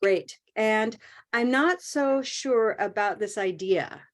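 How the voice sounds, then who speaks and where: A woman's voice: medium pitch, animated. Encouraging woman teaching English pronunciation. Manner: encouraging, models phrases slowly and clearly. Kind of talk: online class coaching. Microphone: video call.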